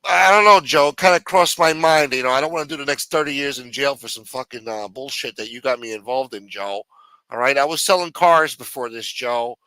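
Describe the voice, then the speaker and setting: A man's voice: medium pitch, brisk, pushed and bright, dry recording. A man putting on the voice of a whiny young man who has just been jailed and threatens to snitch. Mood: pleading. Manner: whining, pleading, sarcastic.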